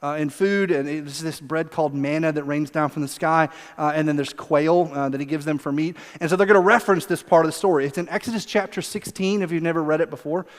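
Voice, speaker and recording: A man preaching a sermon as a pastor, animated, acting out quoted voices and repeating words as he goes. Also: on the high side, fast talker, hardly any pauses, big-room sound. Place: church sanctuary.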